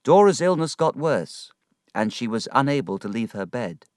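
A man narrating a storybook in a measured, expressive reading style. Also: mid-range voice, no room sound, studio quality.

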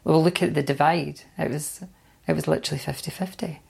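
A woman's voice: deep voice, fairly even intonation, fairly quick, gravelly, a little mellow, slightly rough. A Scottish woman, a hairdresser, chatting casually in an interview and often finishing her colleague's sentences.

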